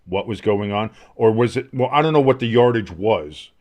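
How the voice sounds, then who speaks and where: A man hosting a live football stream, calling play-by-play in a rambling, excitable, casually profane way. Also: on the low side, normal speed, highs cut off. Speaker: host.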